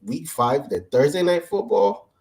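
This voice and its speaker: A man's voice: medium pitch, lively intonation, unhurried, darkish tone. A man co-hosting a casual sports talk show, joking as he pushes the show along over a home mic. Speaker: co-host.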